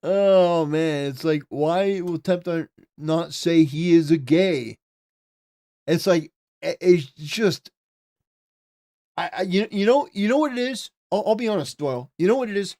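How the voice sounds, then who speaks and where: A man's voice: high-pitched, a little slow, mellow, dry recording, studio quality. A man hosting a political commentary livestream, talking casually with rambling, stammering restarts and swings from mumbling to emphatic.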